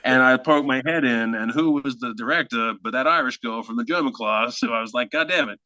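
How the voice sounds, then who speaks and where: A man, a guest actor telling a long story in casual conversation, animated and full of acted-out quotes. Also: mid-range voice, brisk, dry recording, dull audio. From Australia. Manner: animated, acts out quotes in funny voices.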